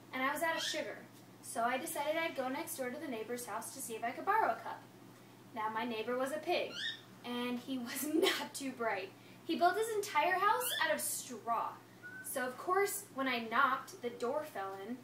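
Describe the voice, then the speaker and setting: A woman's voice: high voice, fairly bright tone. A woman telling it as a chatty, innocent wolf. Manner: chatty, innocent-sounding, playful. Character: friendly, self-justifying male wolf. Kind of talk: first-person storybook read-aloud. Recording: echoey room, far from mic, faint hiss.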